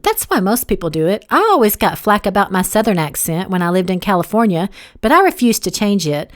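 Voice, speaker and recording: A woman's voice: medium pitch, lively intonation, brisk, close to an everyday voice. A woman reading as a spirited young Southern woman. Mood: earnest.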